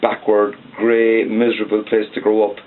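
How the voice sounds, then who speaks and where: A man's voice: lowish voice, monotone, moderate pace, narrow, tinny audio. A man in his forties with a Cork accent, a singer-songwriter chatting at length in an interview and ending phrases with "like". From Cork, Ireland. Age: 40s. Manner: rambling, peppers speech with "like". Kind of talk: casual interview chat. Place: back office of a record shop.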